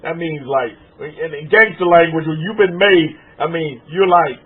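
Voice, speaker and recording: A man preaching a sermon as rabbi, animated and repetitive, calling his listeners family. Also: fairly high pitch, normal speed, breathy edge. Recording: tinny phone-like sound.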